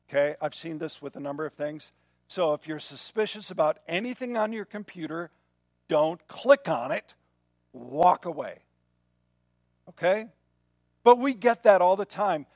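A man's voice: high-pitched, no room sound, clean studio sound. An older man preaching a sermon in a conversational way, often checking in with the listeners. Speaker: pastor.

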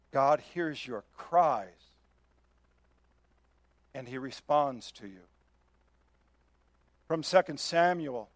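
A man's voice: on the high side, no echo. A man preaching a sermon as pastor, earnest and emphatic, often asking his listeners questions.

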